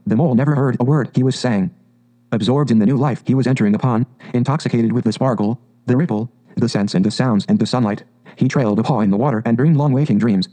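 Man, audiobook narrator, calm measured reading, mellow dark tone, storybook. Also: medium pitch.

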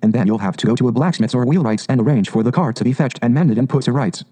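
A man's voice: mid-range voice, fast, mellow, lightly acted. A man voicing a stern, practical male water rat who speaks firmly, in a storybook reading. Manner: firm and stern.

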